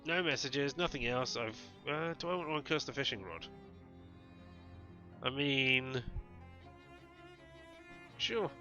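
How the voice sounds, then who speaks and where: A man's voice: medium pitch, lively intonation, takes it slowly, pauses often, bright, forceful tone. A man playing a comedy adventure game, reading its text aloud and joking along the way. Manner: reads game text aloud in a playful, jokey way. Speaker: let's play gamer. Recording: dull muffled audio with game music. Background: game music.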